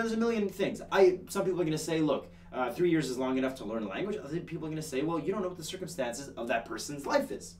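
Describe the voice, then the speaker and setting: A man's voice: a little high, recorded from a distance, a little hiss or hum. A young man from Canada hosting an online news show, talking in a chatty, joking way with lots of fillers. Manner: chatty and animated, with filler words and jokes. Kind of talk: casual online news commentary.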